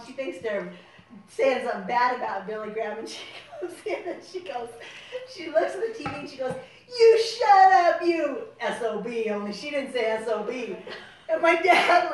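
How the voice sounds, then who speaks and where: A fairly high-voiced woman rambles through a family story and laughs often. She sounds distant from the mic, in a very echoey room. Faint noise sits underneath her voice. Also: expressive, a little fast. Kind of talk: casual storytelling.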